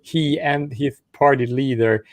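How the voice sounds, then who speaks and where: A man's voice: mid-range voice, fairly even intonation, a little slow, no room sound. A man joking provocatively in a casual group chat.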